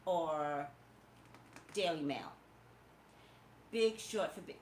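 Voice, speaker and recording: A woman hosting a casual live-stream talk show, gossiping in an animated way and talking straight to her viewers. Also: low voice, extremely slow. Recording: echoey room with faint noise.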